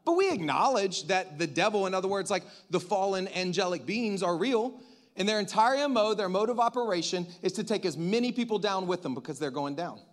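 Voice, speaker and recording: A man's voice: high-pitched, expressive, fairly quick. A man preaching a sermon in a conversational way, joking with the congregation and asking it questions.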